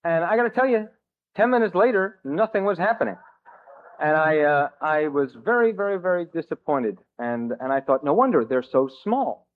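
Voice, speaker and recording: A man from New Jersey telling his own recovery story to a meeting, halting and self-mocking, with jokes between restarts. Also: fairly high pitch, expressive. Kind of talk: personal recovery story told to a crowd. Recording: thin, phone-like old tape.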